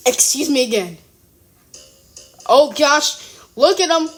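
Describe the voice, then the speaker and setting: Giggly high-voiced young speaker reacting slowly. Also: lively intonation, a bit bright, faint music behind. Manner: giggly, keeps exclaiming in surprise; rambling, self-correcting. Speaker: reaction video creator. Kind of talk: casual reaction commentary. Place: room at home.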